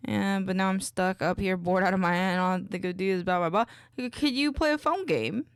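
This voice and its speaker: A woman's voice: mid-range voice, a little fast, clean tone, no room sound, studio quality. A woman streamer chatting casually with her viewers while she works, putting on a silly accent. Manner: chatty, reads chat aloud while working; playing up a silly put-on accent. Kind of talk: casual livestream chat.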